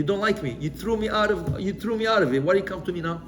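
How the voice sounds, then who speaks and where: A man, a rabbi teaching a Torah lesson in mixed Hebrew and English, animated and acting out the quotes. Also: high-pitched, very fast.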